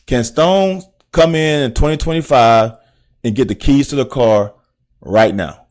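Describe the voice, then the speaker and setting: A man's voice: mid-range voice, measured pace, darkish tone. Blunt, profane Southern American man. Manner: blunt, profane, talks straight to chat viewers. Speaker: host, former player breaking down game film. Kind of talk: casual live-stream commentary.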